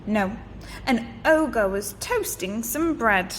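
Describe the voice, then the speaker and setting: Expressive slow-reading woman teacher. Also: fairly high pitch, slight background noise. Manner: expressive and animated, slow and clear. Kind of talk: storybook read-aloud for children.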